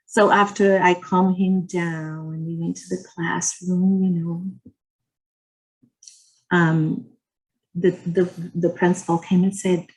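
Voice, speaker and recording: A woman giving an earnest religious lecture as a guest speaker. She tells personal stories in short, gentle phrases. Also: on the low side, rough recording. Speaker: guest speaker at a spiritist society.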